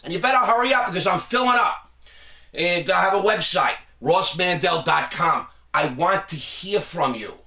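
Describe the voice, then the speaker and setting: A man rants sarcastically in a high, gravelly voice with a bright, tense edge. He talks animatedly and breaks into laughs. He is recorded in an echoey room, a little way from the mic. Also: lively intonation, moderate pace, distant mic. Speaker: host of a commentary video. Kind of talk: ranting commentary.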